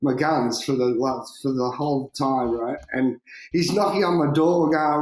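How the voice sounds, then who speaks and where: A man, a big-wave surfer, telling stories in a casual interview, lively and swearing freely, laughing and acting out what people said. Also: mid-range voice, normal speed. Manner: animated, swearing, laughing, acts out quotes. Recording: roomy echo.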